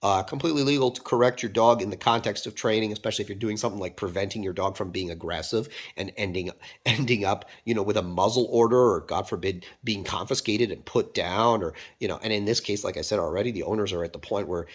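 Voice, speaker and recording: A man's voice: lowish voice, fast talker. A man from Canada, a dog trainer, talking casually to camera, with a rambling manner and frequent fillers and restarts.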